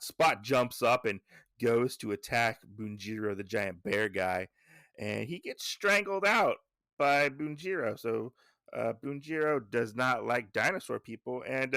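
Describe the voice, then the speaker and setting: A man's voice: mid-range voice, bright, forceful tone, no room sound, studio quality. A man hosting a podcast, recapping a comic in a casual, rambling way with fillers and self-corrections. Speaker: podcast host.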